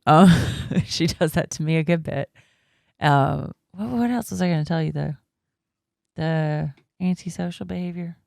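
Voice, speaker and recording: A woman's voice: low voice, a little slow, vocal fry, darkish tone, no echo, studio quality. A woman in her thirties co-hosting a podcast, telling stories in casual chat with lots of fillers and laughter. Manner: storytelling, laughs often, many fillers. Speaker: podcast co-host.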